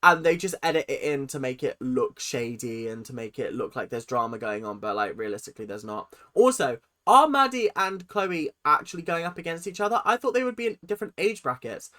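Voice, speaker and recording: Reaction host, animated, sharp-edged voice, opinionated commentary. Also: mid-range voice, a little fast, few pauses. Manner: animated and opinionated, sometimes sarcastic.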